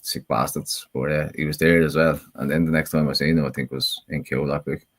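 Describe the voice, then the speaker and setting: A man's voice: a bass voice, little pitch movement, a little fast, no room sound. A man in casual podcast chat, telling rambling stories and swearing freely. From Ireland.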